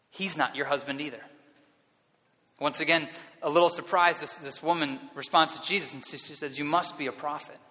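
A man's voice: on the high side, pushed and bright. A man preaching a sermon as pastor, earnest and often repeating words as he restarts his sentences. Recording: long reverb of a hall.

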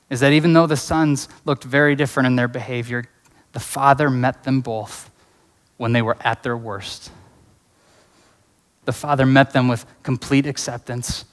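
A man preaching a sermon in an earnest, conversational way, weaving in personal stories. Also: mid-range voice. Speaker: pastor. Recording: reverberant hall.

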